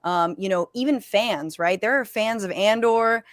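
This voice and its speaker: Quick, emphatic woman comedian on a panel. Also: mid-range voice, dry recording. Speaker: political commentator and comedian. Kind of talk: panel discussion over video call.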